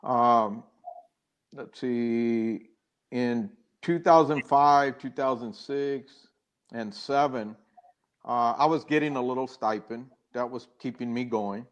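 Older man telling his story, halting. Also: medium pitch. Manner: earnest and halting, acting out quoted dialogue. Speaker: guest. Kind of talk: personal story in an interview.

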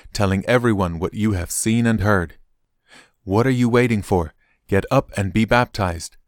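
Low-voiced man reading scripture. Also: no echo, studio quality. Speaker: Bible reader.

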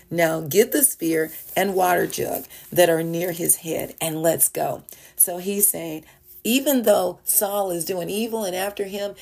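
A woman's voice: fairly low pitch, vocal fry, a little mellow. A woman hosting a devotional podcast, reading a Bible passage and explaining it in a chatty way with small laughs. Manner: reads scripture aloud, then explains it in a chatty way with small laughs. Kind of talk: casual Bible teaching. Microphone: podcast voice message recording.

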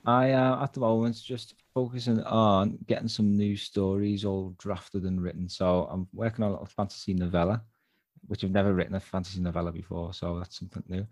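A man's voice: low-pitched, flat delivery, fairly quick, a little mellow, dry recording. A man with a Liverpool accent, a guest author talking earnestly in a casual interview, often restarting his phrases. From Liverpool, England.

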